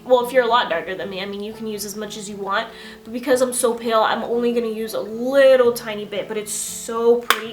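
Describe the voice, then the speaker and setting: A young woman in her twenties chatting casually through a makeup tutorial, telling stories in an animated, giggly way. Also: on the high side. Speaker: beauty vlogger.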